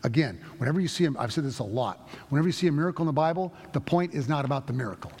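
This pastor's gravelly, slightly husky voice sits on the high side, animated and darkish in tone. He delivers his sermon conversationally, stopping and restarting his thoughts often, with a long echo like a large church hall.

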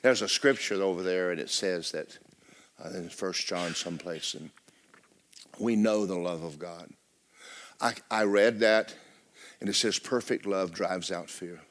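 A man preaching a sermon as pastor, swinging from loud exclamations to hushed, near-whispered lines. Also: low voice, a little slow, pauses often.

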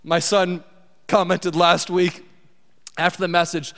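A middle-aged man delivers a sermon with a higher-than-usual pitch. He sounds conversational and asks the listeners questions as he goes. His voice carries a long reverb, as in a large hall. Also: flat delivery, measured pace, vocal fry, fairly bright tone. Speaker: pastor.

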